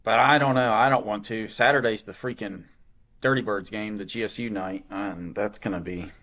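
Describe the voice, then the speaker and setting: A man's voice: lowish voice, fairly even intonation, normal speed, sharp tone, highs cut off. A man co-hosting a podcast in casual, rambling chat, swearing now and then. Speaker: podcast co-host.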